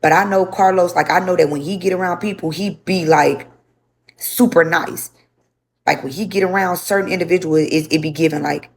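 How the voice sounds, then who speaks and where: A woman's voice: sits low, fairly quick. Blunt, profane young woman livestreaming. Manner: blunt and profane, with lots of repetition. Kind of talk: casual storytelling to a livestream audience.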